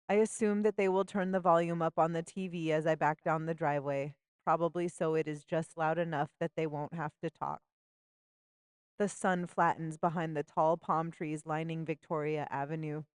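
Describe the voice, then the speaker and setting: Female memoir narrator, lowish voice, wry and intimate, dry close-miked booth read. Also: dry recording. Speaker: audiobook narrator and author. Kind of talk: first-person memoir narration.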